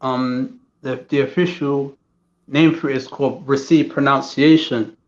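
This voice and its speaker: A man's voice: medium pitch, steady tone, measured pace, reverberant, highs cut off. A man, talking in a casual chat on a call, often stumbling and restarting his sentences. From England. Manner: hesitant, many restarts and fillers. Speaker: guest.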